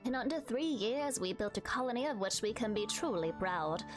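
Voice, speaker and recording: Serene older woman governor, put on by a female streamer, calm, formal, slightly high voice. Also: normal speed, soft background music, close to an everyday voice.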